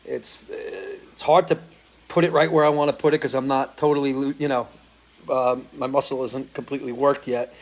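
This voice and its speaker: A middle-aged man from the US Northeast chats easily with his live viewers, calling out names one after another. His voice sits at an ordinary middle pitch and sounds slightly worn after a night of singing. He talks in an unhurried, friendly way. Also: level tone. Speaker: musician hosting a live stream. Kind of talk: casual chat greeting viewers. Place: porch at home.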